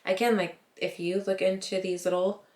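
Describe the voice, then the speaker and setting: A woman's voice: mid-range voice, flat delivery, normal speed, a little mellow. A young woman telling a spooky personal story in a chatty vlog, with lots of "like" and laughing at herself. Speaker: vlogger. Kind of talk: casual storytime. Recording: roomy echo.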